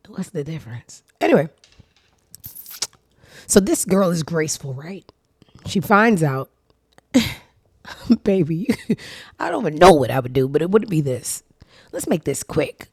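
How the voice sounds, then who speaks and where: A young woman hosting a casual commentary show, talking in an animated, profane, sarcastic way with big swings in pitch and loudness. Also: measured pace, long pauses, breathy edge, no echo, clean studio sound. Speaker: show host. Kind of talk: casual commentary reacting to social media.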